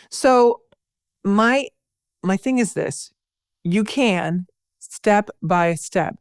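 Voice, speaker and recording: A middle-aged woman, a podcast guest, telling lively stories and acting out the voices she quotes. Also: mid-range voice, measured pace, smooth, no echo, clean studio sound. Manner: animated storyteller, acts out quoted voices. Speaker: podcast guest, broadcaster and speaker. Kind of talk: conversational interview.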